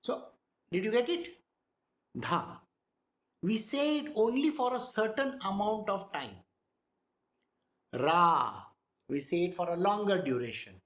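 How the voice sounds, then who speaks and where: A man giving a spiritual discourse, speaking slowly, sounding out words and often checking whether listeners follow. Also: high voice, animated, roomy sound. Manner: slow, demonstrates pronunciation, asks listeners if they follow. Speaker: spiritual teacher.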